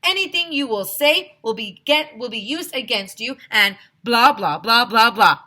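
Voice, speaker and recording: A woman voicing a loud, mocking policeman in a children's storybook reading. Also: a little high, lively intonation, unhurried, pitched above the performer's own voice, full character voice.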